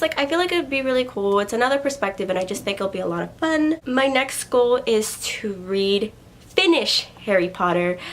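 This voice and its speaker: A young woman chatting casually in a book vlog, rambling and filling with "like". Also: medium pitch. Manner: rambling, lots of "like" and "just like". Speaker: book vlogger. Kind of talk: casual chat.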